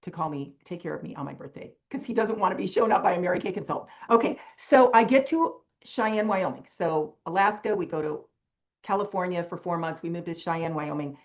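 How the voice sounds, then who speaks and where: An older woman talks through a long personal story on a video call, drifting between asides in a lively, winding way. Her voice sits on the low side, and the call audio is dull and muffled. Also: fairly quick. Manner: rambling, animated personal storytelling. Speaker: longtime direct-sales leader.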